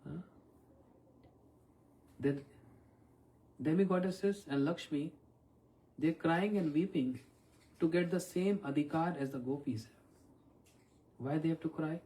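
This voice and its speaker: Spiritual teacher, heard from afar. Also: male voice, on the high side, normal speed, long pauses, dark tone. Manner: questions the listeners often, with throat-clearing. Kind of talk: evening question-and-answer talk. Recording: voice from far off the mic.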